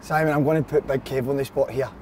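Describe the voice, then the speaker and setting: A man with a Scottish accent, a former footballer in a casual podcast chat, telling quick stories. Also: medium pitch, fairly even intonation, crowd noise. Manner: quick, chatty storytelling.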